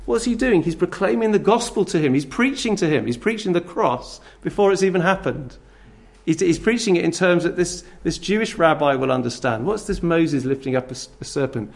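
A man preaching a sermon, his voice sitting a little high for a man. He speaks with strong emphasis and turns straight to his listeners, pressing commands on them. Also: expressive, normal speed, vocal fry.

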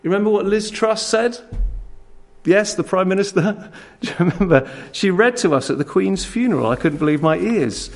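A man preaching a sermon in church, his voice sitting a little higher than most men's. He is lively and animated, acting out quick back-and-forth dialogues and chuckling at his own jokes. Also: gravelly.

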